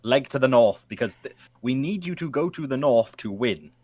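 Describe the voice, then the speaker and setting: A man playing a team game with friends, giving quick tactical calls. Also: medium pitch, animated, warm tone. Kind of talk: casual game chat.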